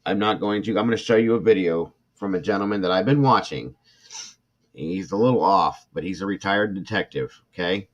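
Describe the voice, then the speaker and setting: Through lo-fi sound, a middle-aged man with a low voice talks a little fast while hosting a true crime livestream. He reads a report aloud and reacts with emotional irritation, naming his chat viewers as he talks to them.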